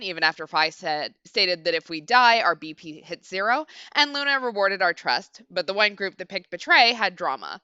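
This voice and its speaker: A woman's voice: fairly low pitch, bright, forceful tone, clear, resonant tone, no room sound. A young woman streaming a video game, chatting casually and swearing freely. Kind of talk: casual let's-play commentary. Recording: dull lo-fi stream mic.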